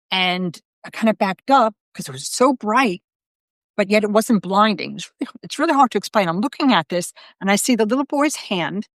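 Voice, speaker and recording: A woman's voice: medium pitch, no room sound, studio quality. A middle-aged woman, a psychic medium, telling a personal story on a live video in a chatty way, full of asides and quoted self-talk.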